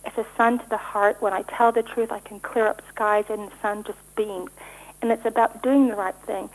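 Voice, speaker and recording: A middle-aged woman giving rambling interview answers, talking rapidly with frequent restarts and stumbles. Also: medium pitch, steady tone, rough recording. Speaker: interview guest.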